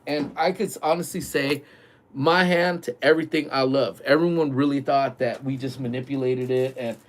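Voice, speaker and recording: A man vlogging from his workplace early in the morning, telling a ghost story in a loose, animated way full of "like" and "dude". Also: medium pitch, normal speed. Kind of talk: casual storytelling.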